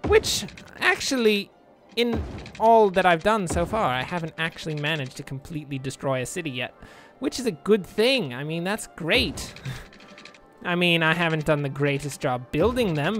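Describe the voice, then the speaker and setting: A man's voice: fairly high pitch, expressive, normal speed, fairly bright tone, faint music behind. A man giving casual, rambling commentary over a city-building game, with self-mocking asides. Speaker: let's play gamer.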